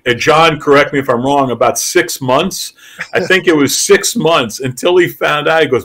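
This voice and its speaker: A man's voice: mid-range voice, a bit bright. A man, a comedian hosting a casual chat show, telling stories animatedly and laughing often.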